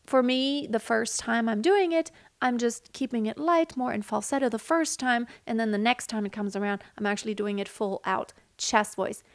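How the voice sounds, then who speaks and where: A woman singing teacher explains vocal technique earnestly and instructively, singing examples between her explanations. Her voice is fairly high and gravelly, with no echo.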